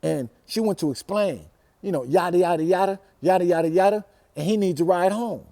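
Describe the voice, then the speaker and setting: A man from Los Angeles hosting a storytelling show, telling a personal story in a casual, profane way that swings from hushed to loud. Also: a little high, expressive, fairly quick, vocal fry. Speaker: storytelling host.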